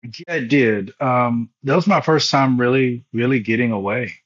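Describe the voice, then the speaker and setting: The interview guest, a former pastor in his thirties who founded a foundation, shares his own story with feeling and frequent repetition. He speaks at a moderate pace in a medium-pitched, somewhat bright voice, and the recording's highs are cut off.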